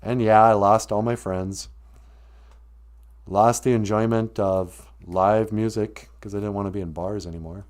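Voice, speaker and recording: A man's voice: fairly low pitch, steady tone, measured pace, a little mellow. A man hosting a live stream, talking casually and joking with frequent laughs. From Ojibwe reservation, US. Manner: joking, rambling, laughs often. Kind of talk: comedic live-stream chat.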